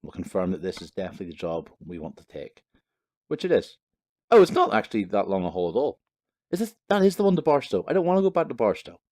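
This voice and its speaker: Speaking quickly in a sing-song, darkish, fairly low voice, a Northern Irish gaming commentator rambles through a let's-play. He swears cheerfully and uses lots of fillers in his casual chatter.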